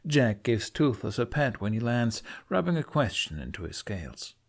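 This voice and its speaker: A man narrating a fan fiction audiobook, his mid-pitched voice moving up and down expressively as he reads. The delivery is animated and storybook-like. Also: normal speed, vocal fry.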